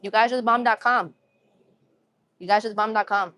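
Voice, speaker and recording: Her mid-range voice is steady, fairly bright, and a little fast, recorded with no echo. She's a young Massachusetts woman with a New England accent and a bit of urban slang, keeping her livestream chat with viewers casual and upbeat and repeating phrases often.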